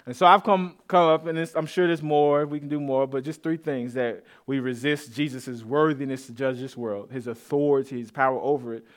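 A pastor from east Austin delivers his sermon like a chat with the congregation. He slips in stories and joking asides, and his voice sits at an everyday middle pitch for a man. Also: fairly even intonation, a little fast, hardly any pauses. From east Austin, Texas. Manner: conversational, storytelling, with asides and laughs. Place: church sanctuary.

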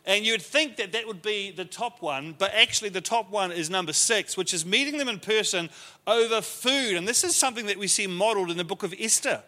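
A man's voice: high voice, expressive, a little fast, sharp tone, big-room sound. A man teaching a leadership class to a group in a conversational way, often acting out the lines he quotes.

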